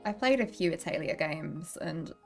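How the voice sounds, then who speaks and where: A woman's voice: sits low, expressive, moderate pace, faint music behind. A woman streaming a game, chatting casually and giggling, a bit out of breath. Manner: chatty, giggly, self-deprecating. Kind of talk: casual gameplay commentary. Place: home, seated.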